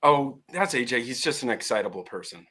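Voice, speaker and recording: A man's voice: mid-range voice, animated, brisk, bright, forceful tone, a little hiss or hum. A man co-hosting a casual podcast, joking around and giggling through the banter. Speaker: podcast co-host. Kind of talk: casual live-stream chat.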